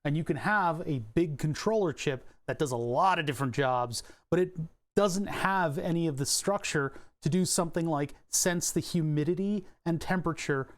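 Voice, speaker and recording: A man's voice: on the high side, moderate pace. A man live-streaming from his desk, casually explaining electronics in a rambling, profane way. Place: desk at home.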